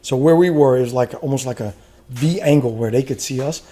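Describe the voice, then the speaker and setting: A middle-aged man, a retired soldier, telling war stories in casual podcast chat, animated and profane, laughing often. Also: medium pitch, fairly quick. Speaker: guest, retired Army special forces soldier.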